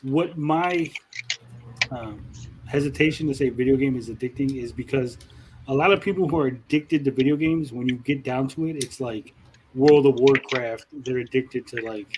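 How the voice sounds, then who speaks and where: A man's voice: mid-range voice, moderate pace, darkish tone, a little hiss or hum. Casual rambling man hosting a chat. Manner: rambling, filler-heavy, swears casually. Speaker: podcast host.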